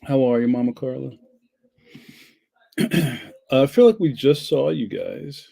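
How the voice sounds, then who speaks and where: A man's voice: mid-range voice, unhurried, gravelly, mellow, husky. A man, hosting a livestream and chatting casually through viewer comments in a rambling, jokey way with frequent laughs. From Philadelphia, US. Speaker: livestream host.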